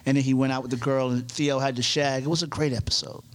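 A man co-hosting a podcast, telling stories in an animated way and swearing freely in casual chat. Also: mid-range voice, fast talker. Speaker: podcast co-host.

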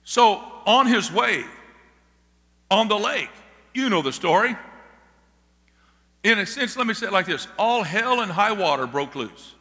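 Bright-voiced male pastor preaching in a reverberant hall. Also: high voice, lively intonation, measured pace, pauses often. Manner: emphatic preaching with calls of "Amen?" to the congregation. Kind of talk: sermon. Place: church sanctuary. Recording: long reverb of a large hall.

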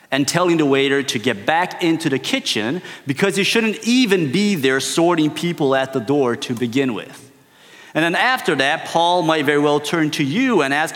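A man's voice: fairly high pitch, very animated, measured pace, a bit bright. A male preacher opening a sermon with a conversational, storytelling style, often checking in with his listeners. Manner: storytelling, keeps checking in with "right?". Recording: long hall reverb.

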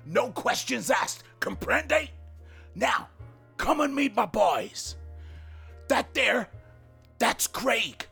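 A man's voice: very high voice, animated, soft background music, full character voice. A man putting on a crude, swaggering mobster character who welcomes listeners and introduces his boys. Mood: menacing. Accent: put-on Australian. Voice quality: gravelly, raspy. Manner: slow, growling gangster delivery with shouted bursts. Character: swaggering male mobster doorman, menacing and crude.

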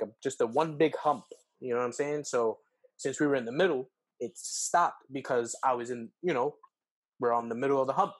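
A young man, co-hosting a podcast, telling a story casually with lots of fillers and jumping up in pitch when acting out quotes. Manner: animated, acts out quotes with pitch jumps, heavy fillers. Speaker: podcast co-host.

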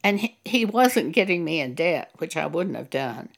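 A woman preacher giving an earnest sermon, teaching slowly and reading scripture aloud. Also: deep voice, big pitch swings, vocal fry. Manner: slow, deliberate, earnest teaching.

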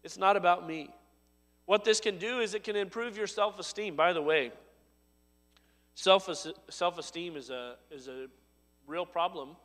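A man preaching a sermon, his voice swelling to loud emphatic lines and dropping low and soft. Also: big-room sound. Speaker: pastor.

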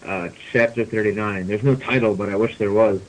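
A man's voice: lowish voice, brisk, rough recording. Laughing man reading a fan story aloud. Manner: reads deadpan, breaking into laughter. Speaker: podcast host. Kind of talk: comedic dramatic reading.

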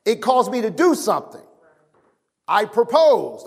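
A man's voice: high voice, very animated, takes it slowly, gravelly, a little mellow, husky. A middle-aged man preaching a sermon, emphatic and casual, calling on the congregation to answer back. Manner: emphatic, call-and-response with the congregation.

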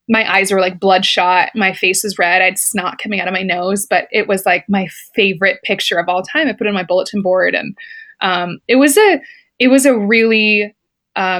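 Her mid-range voice is a bit bright as she chats casually in an interview about a personal story. Once a competitive swimmer, she laughs often and peppers her speech with "like" and "you know."

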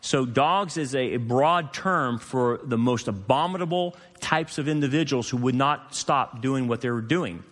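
A man's voice: a little slow, few pauses, fairly bright tone, in a large hall. A man preaching a sermon as pastor, teaching scripture verse by verse and rising to impassioned pleading. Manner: rises to impassioned, higher-pitched pleading.

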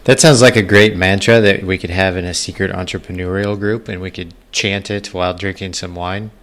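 A man's voice: deep voice, steady tone, brisk, a bit bright. A man hosting an interview podcast, friendly and upbeat, laughing easily as he asks questions. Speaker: podcast host.

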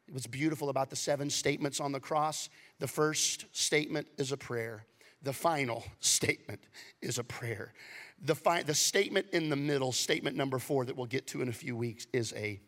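A male pastor preaching a sermon, swinging from loud, animated passages to hushed near-whispers. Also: medium pitch.

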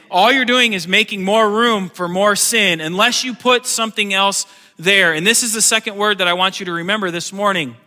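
High, sharp-toned man preaching a sermon, lively with wry asides, long church reverb. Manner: animated, swings between loud emphasis and quiet asides; joking asides in plain everyday speech. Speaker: pastor. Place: church sanctuary.

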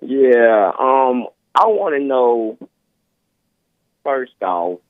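A man's voice: mid-range voice, expressive, extremely slow, no echo. A man from California calling into a talk show, arguing his point in a casual, blunt way. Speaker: caller. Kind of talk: call-in conversation. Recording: tinny phone line.

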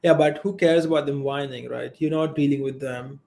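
Higher-voiced man explaining methodically. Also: steady tone, fairly quick, gravelly, dark tone, a little hiss or hum. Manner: methodical, explains step by step with examples. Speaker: podcast co-host. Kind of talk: casual podcast debate.

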